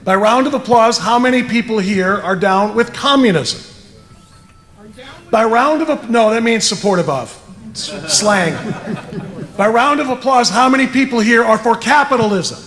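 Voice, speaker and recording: A man hosting a political town hall, running crowd work with brisk jokes. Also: extremely high pitch, fairly bright tone.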